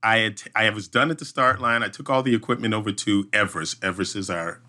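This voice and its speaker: Brief: man, podcast guest, bright, forceful voice, vivid storyteller who acts out voices and sound effects. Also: fairly low pitch, steady tone, fast talker. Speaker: obstacle race emcee, podcast guest. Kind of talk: animated storytelling in a podcast interview.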